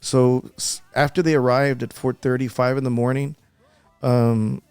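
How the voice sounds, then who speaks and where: A man's voice: medium pitch, little pitch movement, measured pace, darkish tone, clear, resonant tone, no echo. A man as a podcast guest, talking earnestly and repeating himself as he recalls an upsetting event. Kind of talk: emotional podcast interview.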